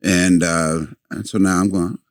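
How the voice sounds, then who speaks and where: An older man, a podcast guest, telling a long story in a halting way with many fillers and restarts. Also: low-pitched, steady tone, clear, resonant tone, no room sound, studio quality.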